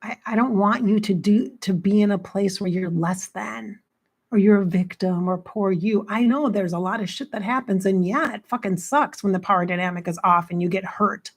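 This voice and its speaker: Talking to her viewers at a moderate pace, a woman life coach has a husky, medium-pitched voice. Her motivational talk to camera is casual, blunt and chatty, full of swearing and self-quotes like "I'm like."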